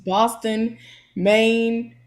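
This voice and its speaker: A woman's voice: fairly high pitch, steady tone, very slow. A woman co-hosting a podcast, chatting emphatically in casual conversation. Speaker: podcast co-host. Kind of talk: casual chat.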